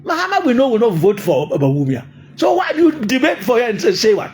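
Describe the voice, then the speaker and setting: A man's voice: very high-pitched, very animated, quick pace. An older man with a Ghanaian accent, delivering an emphatic political monologue, repeating his points and laughing often. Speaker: political commentator.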